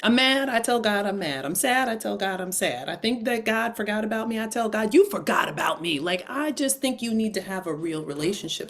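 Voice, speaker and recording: A woman's voice: mid-range voice, animated, normal speed, few pauses. A woman coach teaching an online class, telling personal stories in a frank, informal way to her audience. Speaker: coach and advisor.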